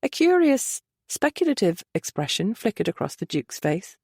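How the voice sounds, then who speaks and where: Lively woman narrating a romance novel. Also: medium pitch, moderate pace, few pauses, slightly rough, no echo, studio quality. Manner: expressive, varied storytelling. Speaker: audiobook narrator. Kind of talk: scripted narration.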